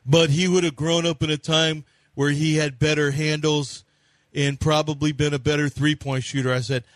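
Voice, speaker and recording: A man's voice: fairly high pitch, level tone, normal speed, no echo. A man co-hosting sports radio, telling self-mocking stories about his son. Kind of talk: casual anecdotal radio chat.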